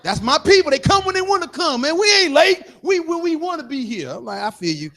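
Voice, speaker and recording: A man in his fifties performing live stand-up comedy in a bar, loud and animated, acting out characters as he goes. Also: extremely high pitch, fairly quick. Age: 50s. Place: bar stage.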